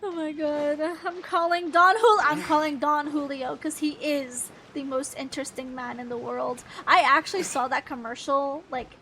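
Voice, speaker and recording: A young woman casually commentating her gameplay, excitable and rambling, with frequent giggles and sudden yelps. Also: high voice, normal speed, hardly any pauses, a little hiss or hum. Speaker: gaming channel host. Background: game music.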